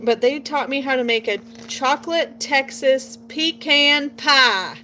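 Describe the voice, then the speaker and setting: A woman's voice: high-pitched, a little slow, pushed and bright, slight background noise, low-quality recording. A woman in her late thirties from Portland, Oregon, chatting casually and rambling in a folksy way while she works, recorded on a phone outdoors. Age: 30s. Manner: rambling, folksy, drifts into a playful southern drawl. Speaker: vlogger. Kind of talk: casual chat while crafting. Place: outdoors at home. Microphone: phone nearby.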